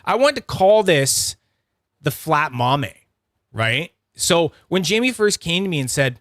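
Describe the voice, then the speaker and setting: Hosting a casual livestream review, a man rambles and chats, swearing freely and greeting viewers by name. His voice is fairly high, expressive, fairly quick, and fairly bright, with clean studio sound and no room sound.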